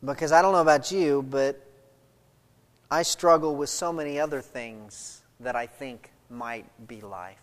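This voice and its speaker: A woman pastor preaching a sermon verse by verse, swinging between loud emphatic stretches and quiet low passages. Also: unhurried. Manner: expository, walks through a scripture passage verse by verse. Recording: long hall reverb.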